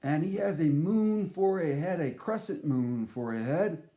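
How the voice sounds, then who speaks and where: Animated rambling male storyteller. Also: on the high side, measured pace. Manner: rambling, swears, self-interrupting. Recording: roomy echo.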